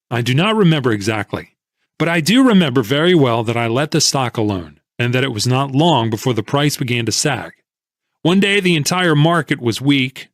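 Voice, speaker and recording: A man reading a novel aloud in first person, with measured, expressive storytelling. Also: mid-range voice, no echo, clean studio sound. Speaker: audiobook narrator.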